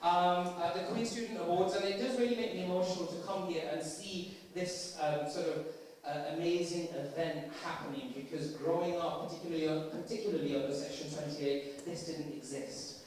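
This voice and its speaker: A man's voice: on the high side, steady tone, normal speed, few pauses. A man, an actor, giving an earnest, self-mocking speech on stage at an awards event. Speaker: actor, guest speaker. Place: stage in a large event hall. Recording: echoey hall from far off, loud crowd.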